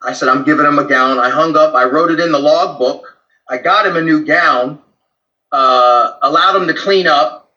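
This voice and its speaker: A man in a candid interview, a former prison guard recounting his experiences in a blunt, animated, profane way. His voice is high and very bright, ringing out in an echoey room. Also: normal speed, lo-fi sound. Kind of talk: candid conversational storytelling.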